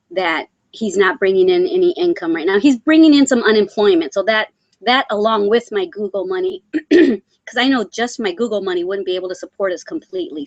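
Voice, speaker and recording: A middle-aged woman from Texas hosting a casual live crochet stream, chatting and reading comments aloud, with frequent ums and throat clearing. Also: mid-range voice, dry recording, lo-fi sound. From San Antonio, Texas. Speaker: crochet channel host reading live chat.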